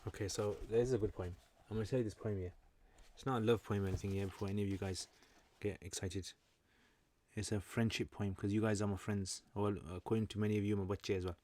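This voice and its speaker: A man's voice: lowish voice, steady tone, quick pace, dark tone. British man hosting a joking livestream chat. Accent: British English. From Britain. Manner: chatty, joking, explains Arabic terms. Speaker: livestream host answering chat. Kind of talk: casual livestream Q&A.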